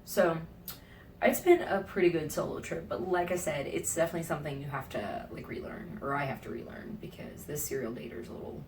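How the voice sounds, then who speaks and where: A woman vlogging from a hotel room, telling her travel stories in a chatty, animated way, with whispered asides now and then. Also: low-pitched, a little fast, distant mic, a little hiss or hum. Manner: chatty, animated, acts out quoted lines, drops into whispered asides. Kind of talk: casual travel vlog storytelling.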